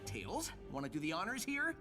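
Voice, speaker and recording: Sonic, a cocky hedgehog hero. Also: male voice, sits high, huge pitch swings, moderate pace, over music. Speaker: cartoon character played on stream.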